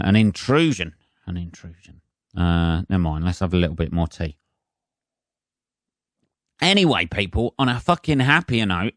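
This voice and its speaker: Sweary comedian ranting on a podcast. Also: male voice, lowish voice, clean tone, dry recording, studio quality. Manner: sweary, sarcastic, mimics voices mid-rant. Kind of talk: solo comedic rant.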